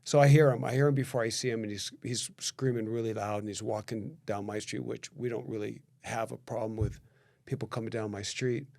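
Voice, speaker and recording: Animated storytelling man in casual chat. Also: fairly low pitch, vocal fry. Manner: animated storyteller who acts out quoted dialogue; quick, repetitive restarts.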